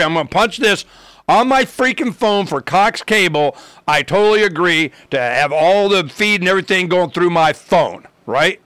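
A man's voice: a little high, expressive, brisk, bright, forceful tone, clear, resonant tone, no room sound. A man rambling through a casual story, acting out both sides of the conversations in his own voice.

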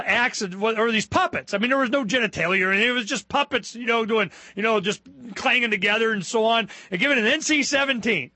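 Guy hosting a radio talk show, high bright voice, goes off on tangents, gets worked up. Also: no room sound. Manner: animated, rambling, excitable. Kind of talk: casual political talk radio.

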